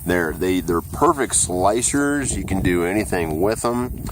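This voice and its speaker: A man's voice: low-pitched, animated, measured pace, background noise. A man hosting a casual walkthrough of his vegetable garden, talking in an easygoing way with plenty of "uh" fillers. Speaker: gardening channel host. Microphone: handheld camera mic.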